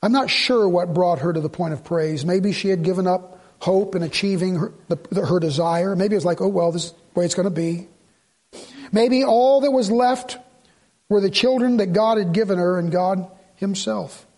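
Man, pastor, middle-aged, conversational sermon, husky voice, high pitch. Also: normal speed. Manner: conversational preaching, quoting people in lively asides.

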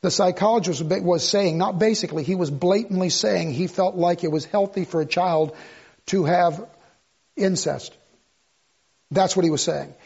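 A man's voice: high-pitched, normal speed, vocal fry, a little mellow, husky. An older man preaching a sermon in an emphatic, repetitive, conversational way that rises to outbursts. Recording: dull lo-fi recording.

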